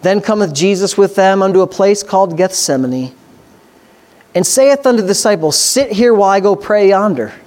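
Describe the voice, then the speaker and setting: High-voiced preacher, rising to excited. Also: male voice. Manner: swings from slow scripture reading to loud excited preaching. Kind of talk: sermon.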